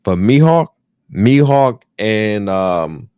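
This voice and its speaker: Animated, profane American man ranting. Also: fairly low pitch, slow pace, clean tone, no room sound, clean studio sound. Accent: African American English. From United States. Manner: animated, profane, repeats phrases for emphasis. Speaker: podcast host. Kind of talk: casual ranting commentary.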